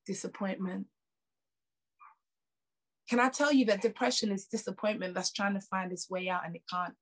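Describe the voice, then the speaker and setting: A woman's voice: mid-range voice, fairly even intonation, normal speed. British woman preacher, emphatic, repeats lines for punch, chatty asides. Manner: conversational asides and laughs. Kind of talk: sermon.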